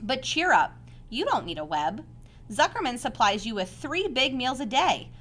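A woman reading aloud and voicing a wise, kind female spider who explains things patiently and teases gently. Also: on the high side, very animated, normal speed, pitched above the performer's own voice. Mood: gentle.

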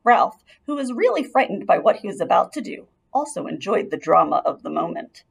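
A woman reading a children's chapter book aloud, her narration full of lilt and swinging pitch. The voice has a gravelly, slightly husky texture, and she shapes each sentence expressively for young listeners. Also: a little fast, few pauses. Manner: expressive, lively storyteller. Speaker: audiobook reader.

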